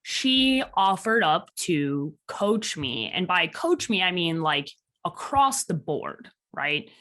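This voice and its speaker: A woman in her thirties from Chicago with a slight Chicago accent, a guest telling stories in a casual interview with animated delivery. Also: lowish voice, slow pace. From Chicago, USA. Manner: animated, quotes people in lively voices. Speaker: podcast guest.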